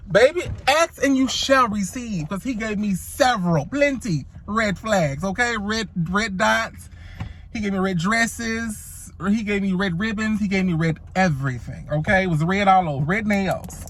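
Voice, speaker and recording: A woman's voice: mid-range voice, measured pace, a little hiss or hum. A woman telling a dramatic story to the camera in a casual vlog, sassy and profane, calling her listeners honey and child. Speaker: storytime vlogger.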